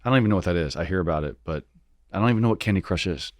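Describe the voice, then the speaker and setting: A man hosts an interview show, mostly chiming in with short reactions and the odd question. His voice sits very low but moves a lot in pitch. The sound is close and dry. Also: animated, racing, no echo. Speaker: show host. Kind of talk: casual interview conversation.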